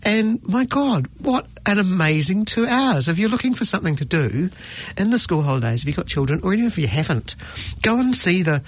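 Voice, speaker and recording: Chatty husky New radio host. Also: male voice, high-pitched, brisk, hardly any pauses, no room sound. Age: middle-aged. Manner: chatty, animated, exclaims often. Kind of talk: casual radio chat. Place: radio studio.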